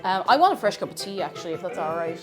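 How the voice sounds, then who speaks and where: A woman's voice: on the low side, sing-song, racing, soft background music. A young Irish woman hosting a baking livestream from her home kitchen, chatting and rambling through stories with frequent laughs. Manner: chatty, rambling storyteller who laughs often. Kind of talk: casual chat while baking.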